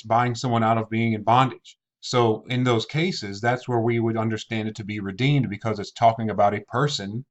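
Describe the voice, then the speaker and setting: A man's voice: medium pitch, lo-fi sound. A man teaching a scripture lesson in an online video, methodical and posing rhetorical questions as he reads verses aloud. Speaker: Bible teacher.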